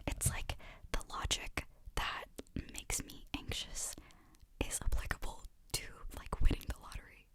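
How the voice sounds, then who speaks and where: Rambling young woman, whispered role-play. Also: measured pace. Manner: rambling, self-deprecating, full of "like". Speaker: ASMR host.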